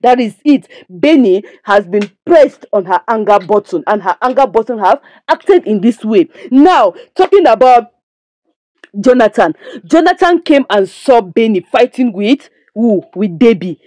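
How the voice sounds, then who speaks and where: A woman's voice: on the high side, expressive, measured pace, darkish tone, no room sound. A young Nigerian woman casually recapping a drama episode, chatting to her listeners and breaking off to lecture them. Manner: chatty, preachy asides, addresses listeners as "my people". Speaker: movie reviewer.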